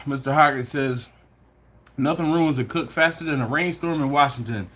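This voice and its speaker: A man's voice: mid-range voice, moderate pace, a bit bright. A man hosting a casual live stream from home, greeting viewers by name and chuckling as he reads their comments. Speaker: barbecue livestream host.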